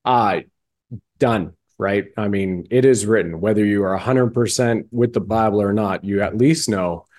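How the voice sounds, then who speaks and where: Male host, low-ish voice, emphatic and fervent, folksy interview manner. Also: normal speed, a little mellow. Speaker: podcast host. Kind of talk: interview conversation.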